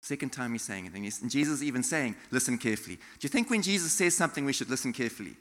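A man from South Africa preaching a sermon in a church, animated, acting out quotes and laughing often. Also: medium pitch, rapid-fire. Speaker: pastor. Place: church hall. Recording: long hall reverb.

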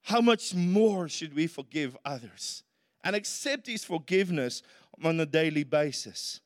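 High-voiced South African pastor preaching. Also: male voice, expressive, unhurried. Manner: earnest, rises to emphatic peaks. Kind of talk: sermon. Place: church hall. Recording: reverberant church hall.

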